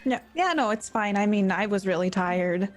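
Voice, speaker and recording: A woman playing a tabletop game, speaking softly and hesitantly in character. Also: medium pitch, expressive, normal speed, soft background music. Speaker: player. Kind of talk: in-character roleplay chat.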